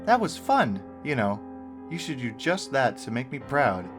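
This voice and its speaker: A man's voice: medium pitch, sing-song, moderate pace, music in the background, lightly acted. A man voicing a cheerful, sinister male apple puppet in a sing-song, falsely cheerful way.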